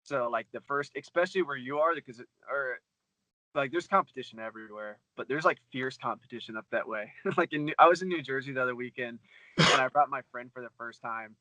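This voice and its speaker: A man who resells books is a guest on an interview, talking fast and loosely, swearing freely and using lots of fillers. His medium-pitched voice sounds pushed and bright, and the audio is poor though free of echo.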